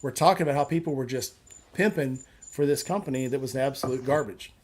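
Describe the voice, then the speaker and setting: A man's voice: medium pitch, fast. Blunt, opinionated man chatting. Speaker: panelist on a live chat show. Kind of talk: casual chat.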